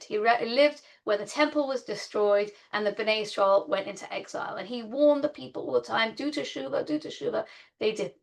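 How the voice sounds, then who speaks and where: High creaky-voiced woman teaching Torah. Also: a bit bright. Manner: explains step by step, reads Hebrew verses then translates; earnest and heartfelt. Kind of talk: online Bible lesson.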